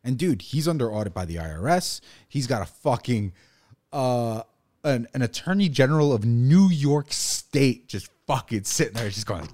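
A man's voice: medium pitch, lively intonation, moderate pace, mellow. A young man co-hosting a podcast, talking in a casual, emphatic way, swearing often and saying "dude" and "right?" again and again. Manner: emphatic, profane, says "dude" and "right?" constantly. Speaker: podcast co-host. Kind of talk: casual chat.

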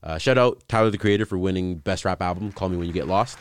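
A man's voice: low voice, fast, clear, resonant tone. A young man hosting a podcast in casual chat, laid-back, often mimicking people he talks about. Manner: laid-back, retells clips in mocking voices. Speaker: podcast host.

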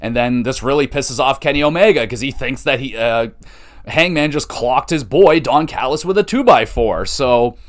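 A man hosting a wrestling podcast, recapping shows in an excitable, chatty way with lots of fillers. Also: medium pitch, moderate pace.

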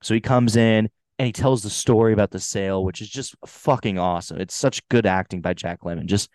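A young man co-hosting a casual movie review podcast, animated and swearing freely as he acts out lines. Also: lowish voice, a little fast, dry recording, studio quality. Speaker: podcast co-host. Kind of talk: casual chat.

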